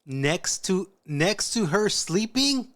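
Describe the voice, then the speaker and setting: A woman's voice: mid-range voice, big pitch swings, slow pace. A woman host giving short, shocked, profane reactions to a story. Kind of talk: casual chat.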